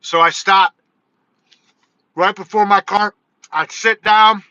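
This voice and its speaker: A man's voice: high-pitched, fairly even intonation, slow pace, sharp tone, dry recording. A man vlogging, telling a long rambling story in a casual way, quoting himself and swearing now and then. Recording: dull lo-fi sound.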